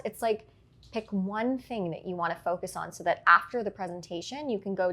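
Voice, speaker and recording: An articulate woman coach answers interview questions with clear, instructive explanations. She checks in often with a quick "right?". Her voice sits at a middle pitch. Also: animated, sharp tone. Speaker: public speaking coach.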